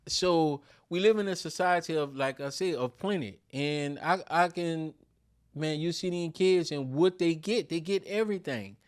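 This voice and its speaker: A man talks in a relaxed podcast conversation, his voice a little higher than most men's. He builds his points through personal stories and hits the key words hard. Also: normal speed, clear, resonant tone. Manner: storytelling, emphatic, Southern vernacular. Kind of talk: casual conversation.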